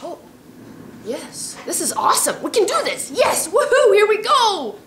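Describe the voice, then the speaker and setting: Lady doing a shrieky happy cheerleader little voice, high and loud, echoey. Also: big pitch swings, unhurried, slight background noise, heavily acted. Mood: cheering. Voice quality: squealing, cheering. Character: inner little voice turned gleeful cheerleader. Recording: echoey room.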